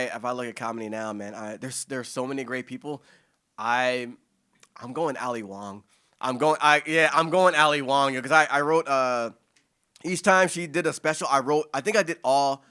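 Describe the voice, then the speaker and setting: Excitable poet in his forties. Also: medium pitch. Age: 40s. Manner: excited, fast, with many restarts and casual swearing. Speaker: guest poet at a reading. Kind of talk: casual audience Q&A answers.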